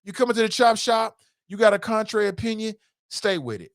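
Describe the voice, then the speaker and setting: A middle-aged man hosting a talk show, reading viewer comments and answering them in an animated, emphatic way. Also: sits high, no room sound, studio quality. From United States. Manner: animated, emphatic, drawn-out repetitions. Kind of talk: casual live-stream talk.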